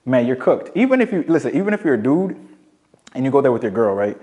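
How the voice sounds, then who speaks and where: A young man coaching on dating, telling casual stories in a slangy, profane, animated way. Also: medium pitch, fast. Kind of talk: casual storytelling monologue.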